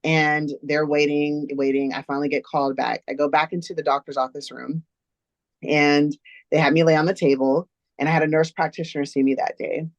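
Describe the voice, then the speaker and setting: A woman's voice: low voice, flat delivery, brisk, dry recording, highs cut off. Woman telling a personal story, dry sound. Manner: earnest, recounting events step by step. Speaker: interview guest.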